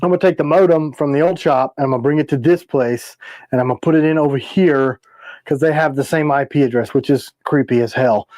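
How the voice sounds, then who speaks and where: Casual male livestream host, slightly high voice, sarcastic and lively, dry close sound. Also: no echo. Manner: animated, sarcastic storytelling. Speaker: knife maker, livestream host. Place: workshop or shop.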